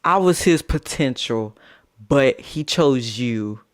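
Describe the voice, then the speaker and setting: A young man voicing a blunt, shameless young woman in his story, flat and matter-of-fact. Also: medium pitch, slow.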